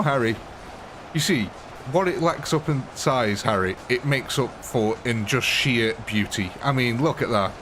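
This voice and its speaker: Excitable English man streaming a game. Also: medium pitch, a little slow, background noise. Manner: excitable, laughs often, addresses viewers as ladies and gentlemen. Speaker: live stream host. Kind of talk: casual live gaming commentary.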